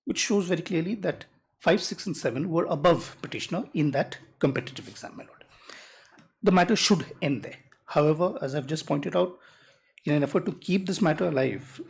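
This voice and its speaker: An advocate, making a measured, deliberate legal argument in a courtroom and reading rules aloud slowly. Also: mid-range voice, gravelly, darkish tone, breathy edge. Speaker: advocate arguing before a judge.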